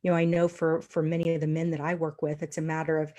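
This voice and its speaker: A woman with a slightly low voice speaks as a coach in casual conversation. She is earnest and reflective and laughs lightly now and then. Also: level tone, quick pace, warm tone. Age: adult with a daughter.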